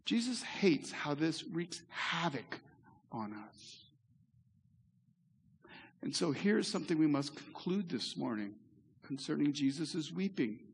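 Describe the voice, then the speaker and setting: Man preaching, slightly high voice, husky tone, long hall reverb. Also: sing-song, slow, long pauses. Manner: conversational, earnest, with asides to the congregation. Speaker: pastor. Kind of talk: sermon. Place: church sanctuary.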